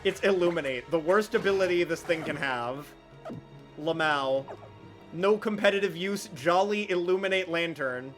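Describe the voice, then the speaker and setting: High-voiced guy streaming a game, jokes around and laughs a lot, light music behind. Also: moderate pace. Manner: joking, laughs often. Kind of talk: casual gameplay commentary.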